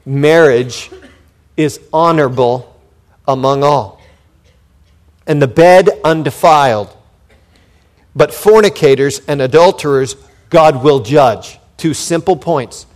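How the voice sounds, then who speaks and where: Animated, emphatic preaching man. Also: slow, pauses often. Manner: conversational preaching with sudden emphatic rises in pitch and volume; frequent repeated words and restarts. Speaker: pastor. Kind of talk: expository sermon.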